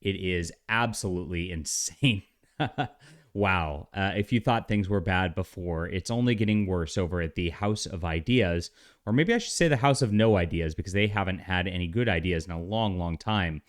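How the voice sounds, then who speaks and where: A man hosting a comic book commentary vlog, animated and sarcastic, laughing often. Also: low-pitched. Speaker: vlogger and comic book author.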